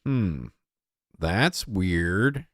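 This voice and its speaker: A man's voice: sits low, expressive, very slow, slightly rough, dry recording, studio quality. A young man hosting a podcast, giving rambling casual commentary full of filler words. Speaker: podcast host.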